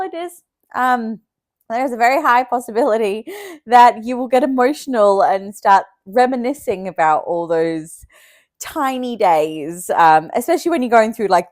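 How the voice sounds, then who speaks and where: Young woman, home vlogger, chatty and expressive, close dry mic. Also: a little high, dry recording. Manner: chatty, many fillers and likes, laughs often. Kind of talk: casual chat to camera.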